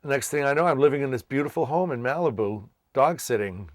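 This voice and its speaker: A man's voice: medium pitch, quick pace, no echo, studio quality. A man from Massachusetts, a children's entertainer, casually telling his life story and acting out the voices of people he met. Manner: animated, acts out quoted voices.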